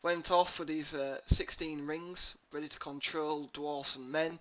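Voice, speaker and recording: A man's voice: fairly high pitch, fairly even intonation, a little slow, bright, forceful tone, muffled recording. A young man casually commenting on his gameplay, rambling with lots of ums and uhs. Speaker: let's play host. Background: game music.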